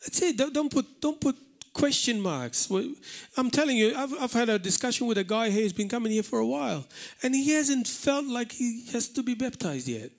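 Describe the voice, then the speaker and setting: During a live service in a church hall, a pastor from Malta preaches with an extremely high-pitched voice, lively intonation and a moderate pace. Earnest and emphatic, he repeats words to drive his points home.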